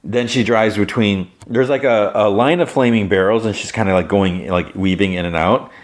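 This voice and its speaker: A man's voice: lowish voice, normal speed. A man hosting a podcast, casually retelling a show's plot in a rambling way, with lots of fillers and restarts. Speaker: podcast host.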